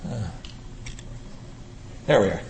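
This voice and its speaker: This is an older male urology professor delivering an academic lecture to an audience. He talks slowly in a somewhat dark tone, pressing his points with emphatic rhetorical questions.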